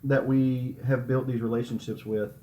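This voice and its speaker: A man's voice: mid-range voice, level tone, moderate pace, dark tone. A man hosting a podcast, chatting casually and upbeat, recording live at a comic convention. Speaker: podcast host. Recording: roomy echo.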